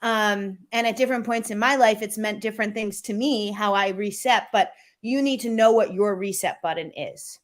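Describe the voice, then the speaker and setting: A middle-aged woman, a sales coach, talking as a guest in a video-call interview, energetic and animated, acting out quotes as she tells stories. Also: mid-range voice, moderate pace, hardly any pauses.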